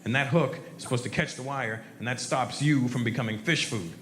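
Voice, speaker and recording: A man doing a stand-up comedy routine, telling an animated story and shouting out sound effects. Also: mid-range voice, a little fast. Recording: echoey live room, faint noise.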